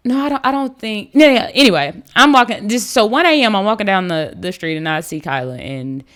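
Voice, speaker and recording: Woman guest, 30s. Animated, casual storytelling with many restarts. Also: mid-range voice, brisk. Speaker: podcast guest.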